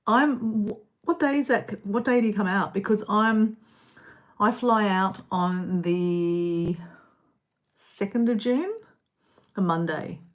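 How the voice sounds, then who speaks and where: A woman's voice: mid-range voice, slow. Woman rambling on a livestream, chatty, mouth full of snacks, indoors. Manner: rambling, chatty, talks while eating. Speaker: live-stream host. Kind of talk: casual live-stream chat. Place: indoor room.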